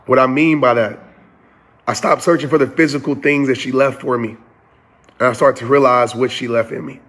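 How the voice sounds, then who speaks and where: A man's voice: mid-range voice, fairly even intonation, normal speed, a bit bright. A man giving a motivational talk in an earnest, preacher-like cadence with repeated phrases. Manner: addresses listeners as y'all. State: getting emotional. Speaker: motivational speaker.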